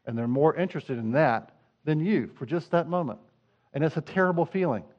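A middle-aged pastor preaches conversationally, shifting between hushed asides and fervent appeals. His voice is on the high side, expressive and brisk, and the recording sounds muffled.

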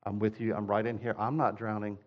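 A man voicing a calm, encouraging savior figure, soft and reassuring. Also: fairly low pitch, fairly quick, dull audio, voice pushed down, close to an everyday voice. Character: calm encouraging savior swimming beside someone.

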